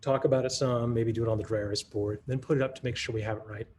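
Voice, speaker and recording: A man walks through a math lesson the way he would teach it in class, asking questions and working through ideas out loud. His pitch sits in an ordinary middle range. A faint hiss of noise runs under the recording. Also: steady tone, fast. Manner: teacherly, thinks aloud with restarts and rhetorical questions. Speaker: math curriculum presenter. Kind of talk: conference talk modeling a classroom lesson.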